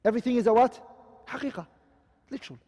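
Male teacher, high voice, lectures and quizzes students, reverberant hall sound. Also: fast talker, warm tone, highs cut off. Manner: explains terms and keeps asking the class questions. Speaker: Islamic studies teacher. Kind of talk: classroom lecture.

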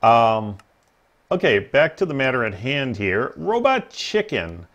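In a mid-range, slightly bright voice, a man hosts a game livestream at a measured pace with a sing-song lilt. His casual chat rambles, is full of ums, and he laughs at his own stories.

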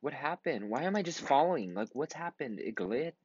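A young man in his twenties rambles through casual gameplay commentary, sounding tired and swearing freely. His mid-pitched voice comes through a slightly dull, lo-fi home recording. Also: sing-song, darkish tone, slightly rough. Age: 20s. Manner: rambling, swears a lot, quick outbursts. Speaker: gaming vlogger.

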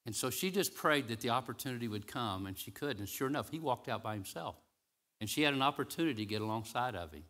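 Brief: mid-pitched male pastor, sermon delivery, swings from booming proclamation to quiet storytelling, drawn-out emphasis. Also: lively intonation. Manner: swings from loud, rising declamation to soft, hushed storytelling; slows and stretches key phrases for emphasis. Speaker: interim pastor. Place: church sanctuary.

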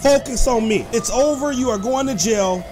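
A man hosting excited gameplay commentary, talking to his viewers and shouting when the action peaks. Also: very high-pitched, moderate pace, over music. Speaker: gaming host.

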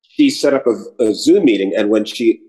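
Animated New man telling stories. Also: on the low side, moderate pace, poor audio. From New York City. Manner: animated storyteller, slips into accents and voices. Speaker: actor guest. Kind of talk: casual interview chat.

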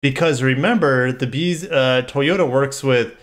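A chatty man reads a press release on a live stream, keeping a middle pitch. He keeps stopping to riff and correct himself in loose, offhand asides. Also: a little slow. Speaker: car channel host.

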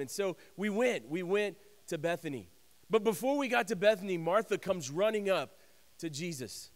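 A man in a church performing a dramatic first-person monologue, earnest and storytelling, hushed one moment and rising the next. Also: high voice, animated, a little fast. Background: music.

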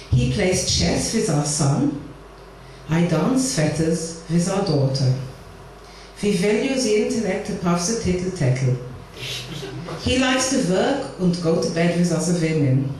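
A woman's voice: lowish voice, darkish tone, slight background noise. A woman doing a wry old grandmother. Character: elderly woman, wry German-Jewish grandmother. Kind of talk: poetry reading. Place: live performance venue. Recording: echoey room heard from a distance.

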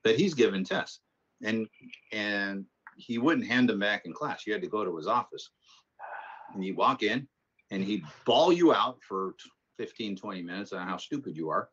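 A man's voice: lowish voice, expressive, moderate pace, fairly bright tone, slightly rough, highs cut off. A man teaching a math class, telling rambling stories and then explaining the lesson in a casual way. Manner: rambling anecdotal storytelling. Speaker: math instructor. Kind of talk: casual classroom talk and lecture.

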